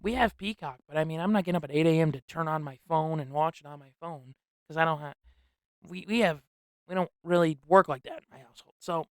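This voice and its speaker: A young man hosting a casual solo sports podcast, rambling and excitable with lots of slang. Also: fairly high pitch, fast, no echo, clean studio sound. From upstate New York. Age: young adult.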